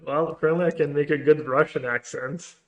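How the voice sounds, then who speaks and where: A man streaming a card game, thinking his moves through aloud and trailing off into quiet mutters, with joking asides to chat. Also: on the high side, steady tone, a little fast. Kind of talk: thinking aloud while playing.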